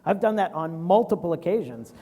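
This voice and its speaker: Lively high-voiced man in an echoey hall. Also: brisk, breathy edge. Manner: lively, acts out quoted voices, casual. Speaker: venture capitalist guest. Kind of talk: animated fireside chat.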